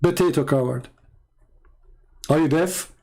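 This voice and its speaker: A man's voice: fairly high pitch, unhurried, a little mellow. A man hosting a livestream, talking in a mocking, taunting way and repeating phrases for emphasis. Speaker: livestream host. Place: home setup streaming online.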